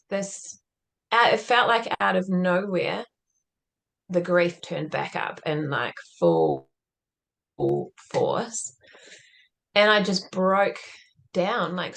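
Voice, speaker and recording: A woman's voice: lowish voice, animated, slow, vocal fry. A woman as a podcast guest, telling a personal story in an earnest, reflective way and often saying "like". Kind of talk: conversational interview storytelling.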